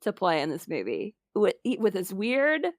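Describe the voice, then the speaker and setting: A woman co-hosting a podcast, chatting casually about movies, bubbly and quick to laugh. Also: medium pitch, dry recording, clean studio sound. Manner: bubbly, laughs often, animated. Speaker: podcast co-host. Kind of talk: casual movie review chat.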